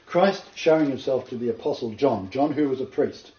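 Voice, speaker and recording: Male Bible teacher, earnest and explanatory, mellow tone, roomy distant lo-fi recording. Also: mid-range voice, moderate pace, a little hiss or hum. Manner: earnest, explanatory, quotes scripture and commentators. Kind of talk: informal Bible study teaching. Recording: roomy, distant, dull lo-fi sound.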